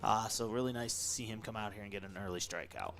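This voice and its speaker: A man's voice: fairly low pitch, fast talker, gravelly, a little hiss or hum. Easygoing man giving baseball stats. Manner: relaxed, stat-heavy analysis. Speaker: color commentator. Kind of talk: live baseball color commentary.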